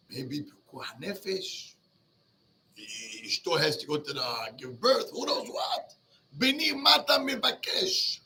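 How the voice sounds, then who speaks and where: Teaching a class, a high-pitched male rabbi animatedly relates a Talmud story, acting out each character and mixing Hebrew with English. He talks at normal speed, with slight background noise present.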